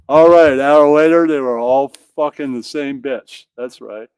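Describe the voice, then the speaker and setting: Deadpan, profane man reading his own jokes; smooth, mellow voice. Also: medium pitch, normal speed, no echo, studio quality. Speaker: comedian. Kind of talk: reading crude jokes and a skit aloud.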